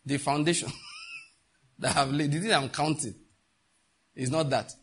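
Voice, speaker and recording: A man's voice: fairly high pitch, steady tone, measured pace, slight background noise. A middle-aged man, preaching a sermon emphatically and asking the congregation rhetorical questions. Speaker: pastor.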